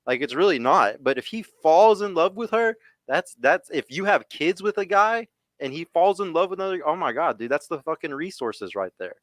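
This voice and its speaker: A man's voice: fairly high pitch, lively intonation, normal speed, fairly bright tone, dry recording. A man co-hosting a podcast, blunt and profane as he addresses the women. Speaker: podcast co-host. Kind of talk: casual debate chat.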